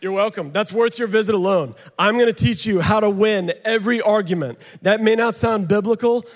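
A man preaching to an audience with a handheld mic, animated and joking, sometimes out of breath. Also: high-pitched, a little fast. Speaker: pastor. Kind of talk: sermon with live demonstration. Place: large hall with an audience. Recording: long hall reverb.

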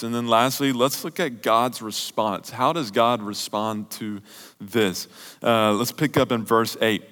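A young man preaching a sermon as a youth pastor, talking in a casual, conversational way, with emphatic rises and quiet, low passages. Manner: conversational, emphatic preaching, drops soft and low near the end. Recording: long hall reverb.

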